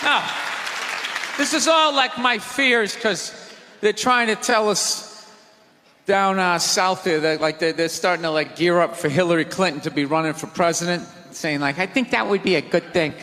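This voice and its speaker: A man doing a live stand-up set, ranting loudly with lots of profanity in a large theater. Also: high voice, steady tone, measured pace, noisy background. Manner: loud ranting delivery with profanity. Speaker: stand-up comedian. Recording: live theater recording with long reverb and faint crowd.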